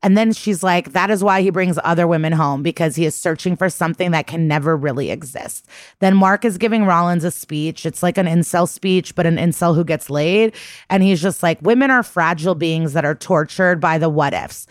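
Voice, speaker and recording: A woman's voice: fairly low pitch, fairly quick, no room sound, clean studio sound. A woman co-hosting a podcast, chatty and profane, recapping a TV episode and acting out its lines. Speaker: podcast co-host.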